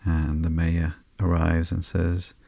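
Low, flat, gravelly man. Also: no room sound. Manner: monotone, unhurried, with soft fillers. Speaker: podcast host. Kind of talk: slow, sleepy comic book read-through.

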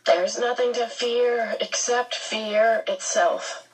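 A woman voicing a frightened teenage boy who speaks slowly in a strained, raised voice. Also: a little high, distant mic, noisy background, voice pushed up. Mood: scared. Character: scared teenage boy, wry and stiff.

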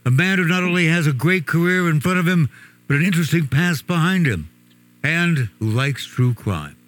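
A man's voice: a little high, animated, moderate pace, fairly bright tone, no echo. A man hosting a radio talk show, joking around and laughing often as he chats.

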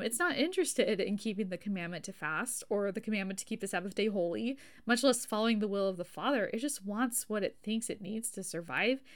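Chatty woman teaching with easy laughs. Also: mid-range voice. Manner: chatty, self-deprecating, laughs often, many fillers. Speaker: podcast host. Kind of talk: casual religious teaching podcast.

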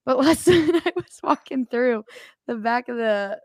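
Young woman, podcast co-host, animated, curses a lot, fairly high voice, dry close sound. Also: unhurried, no echo. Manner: animated, swears a lot, acts out quotes. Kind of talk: casual podcast chat.

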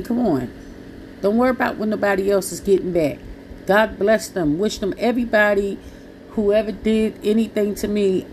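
A woman's voice: medium pitch, darkish tone, slight background noise. A woman with speech, preaching to listeners in an earnest, pleading, blunt way. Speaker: Christian preacher.

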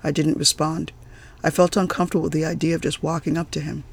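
Husky man reading a novel aloud. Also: a little high, little pitch movement, quick pace. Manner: stumbling reading with restarts. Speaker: audiobook reader. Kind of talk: amateur audiobook narration.

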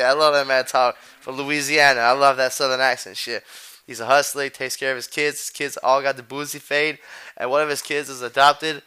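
Bright, clear-voiced man ranting casually. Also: medium pitch, steady tone, a little fast. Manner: loose, profane, rambling street slang. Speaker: podcast host. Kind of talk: casual chat.

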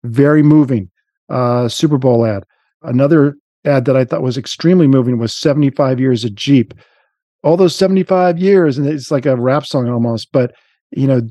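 A man's voice: medium pitch, mellow, no room sound. A man co-hosting a podcast in casual chat, rambling with many restarts and fillers.

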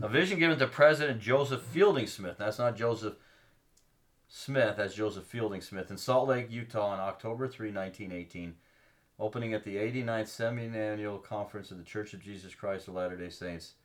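A man co-hosting a casual faith podcast reads scripture aloud and explains it earnestly, pausing with ums to find his place. His voice is on the low side and a little fast.

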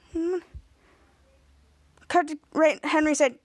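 High-voiced woman rambling through a recap. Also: fairly even intonation, normal speed, pauses often, no echo, studio quality. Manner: rambling, repeats "cut to" with questioning "hmm?" fillers. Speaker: podcast host. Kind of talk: casual TV episode recap.

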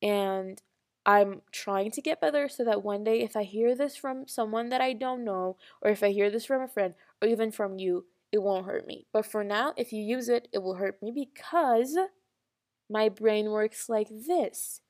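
A young woman speaks to her viewers in an earnest, rambling way, full of restarts and small laughs. Her pitch sits in the middle of the range, neither high nor low. It sounds like a casual, heartfelt personal monologue. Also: moderate pace, darkish tone. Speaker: vlogger.

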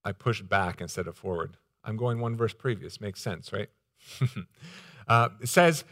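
A man's voice: fairly low pitch, measured pace, fairly bright tone. A male pastor preaching a sermon, voice rising with emphasis when he acts out quotes.

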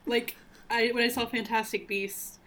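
A woman's voice: on the high side, flat delivery, moderate pace, a bit bright, a little hiss or hum. A woman chatting casually about films and TV, laughing often and dropping to a whisper for asides.

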